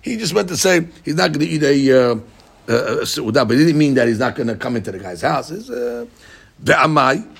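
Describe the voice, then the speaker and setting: A man teaching a Talmud study class, explaining the text in an animated way and acting out both sides of the argument in quotes. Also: a little high, a little fast, vocal fry, husky.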